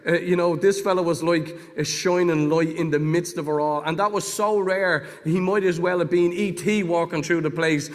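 A middle-aged man preaching his own testimony, moving between hushed moments and fervent storytelling. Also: on the high side, steady tone, moderate pace, hardly any pauses. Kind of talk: testimony sermon. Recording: long hall reverb.

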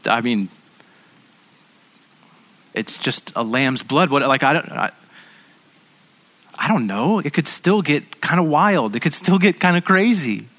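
A man's voice: a little high, expressive, unhurried, pauses often, a bit bright. A man voicing a worried ancient Hebrew man who hesitates and stammers as he frets. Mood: anxious.

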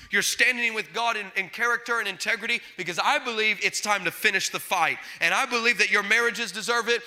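A man preaching a sermon with passion, swinging between loud declarations and hushed asides, telling stories with acted-out quotes and stammered restarts. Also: sits high. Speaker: pastor.

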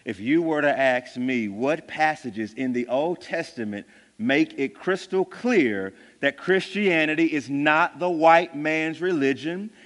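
A man preaching a sermon as pastor, building to loud emphatic peaks and then dropping quiet. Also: fairly high pitch, slow. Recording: long church hall reverb.

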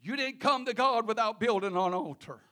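Very high-voiced male preacher. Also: bright, forceful tone. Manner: halting, repeats words and restarts, chuckles between phrases. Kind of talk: sermon.

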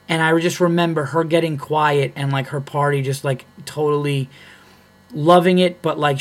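A man who is a comedian and podcast host, telling a story in a blunt, profane, heated way. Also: on the high side. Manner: blunt and profane, heated when retelling a fight.

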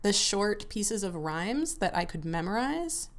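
A woman's voice: mid-range voice, sing-song, unhurried. A woman guest, an author of picture books, telling stories in casual chat.

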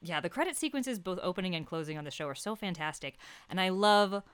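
A woman co-hosting a casual podcast chat, enthusiastic and quick to laugh as she explains at length. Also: lowish voice, lively intonation, fairly bright tone, clear, resonant tone, dry recording. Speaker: podcast co-host. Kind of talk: casual chat about a TV comedy.

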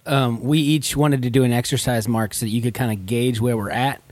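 A man's voice: medium pitch, steady tone, a little fast, darkish tone, dry recording. A man hosting a casual group talk, playful and laughing often. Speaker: podcast host.

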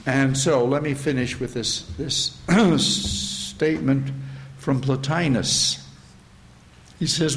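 A man giving a spiritual talk to a gathering, slow and reflective, often repeating his phrases. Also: mid-range voice, fairly bright tone. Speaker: spiritual teacher.

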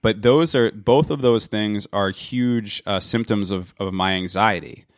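Low-voiced man asking questions. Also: measured pace, no echo, clean studio sound. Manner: interjecting, curious questioner. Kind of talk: casual conversation.

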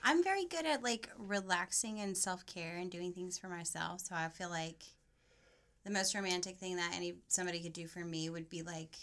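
Bright, giggly woman chatting. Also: fairly low pitch, fairly quick. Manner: giggly, playful. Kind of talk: casual chat.

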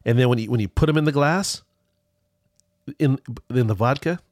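A man's voice: mid-range voice, moderate pace, darkish tone, no room sound, studio quality. A man telling a rambling travel story in casual chat, with many restarts.

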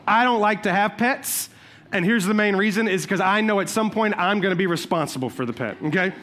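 A man preaching a sermon as pastor, telling personal stories in an animated, conversational and humorous way. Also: high-pitched, fast talker. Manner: repeats "watch this" to cue points.

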